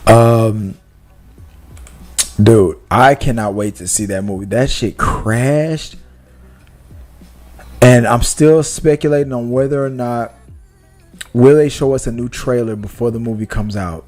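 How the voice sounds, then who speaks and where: A young man chatting loosely as a podcast host, jumping between thoughts and swearing freely. His pitch sits in the middle for a man. Faint music plays underneath. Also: unhurried, pauses often. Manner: rambling and animated, with profanity and restarts. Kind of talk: casual chat.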